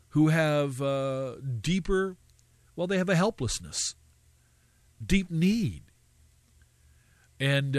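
A man's voice: on the high side, no room sound. Earnest man teaching in preacherly runs. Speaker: Bible teacher. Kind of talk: teaching session on spiritual gifts.

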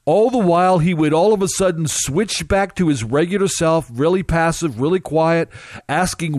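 A man recounting a dramatic first-person testimony as a minister, emphatic and halting, with drawn-out pauses. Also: a little high, darkish tone, dry recording, studio quality.

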